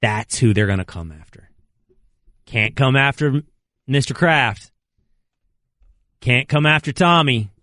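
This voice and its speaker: A man hosting a sports talk radio show in a studio, ranting in mock outrage with loud exclamations. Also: medium pitch, a little slow, long pauses, no room sound. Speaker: radio host. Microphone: close studio mic.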